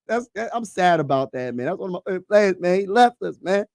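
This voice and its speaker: A man running a casual sports talk livestream, speaking in an excitable, slangy way and often repeating lines as he talks to his chat. His voice sits a little high, and the recording is dry and close with hardly any room sound. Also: fast talker, vocal fry, few pauses, no room sound.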